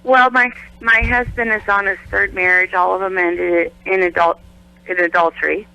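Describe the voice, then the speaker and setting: A woman calling in to a radio show with the hiccups, talking in an apologetic, halting way full of restarts. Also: medium pitch, steady tone, gravelly, pushed and bright. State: has the hiccups. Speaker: caller. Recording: tinny phone line.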